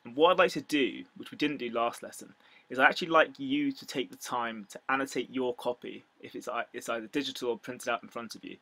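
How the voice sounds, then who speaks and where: A man's voice: medium pitch, fast, creaky, bright, forceful tone, no echo. A male teacher giving a recorded video lesson on a poem, explaining step by step and often restarting his phrases. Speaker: English teacher.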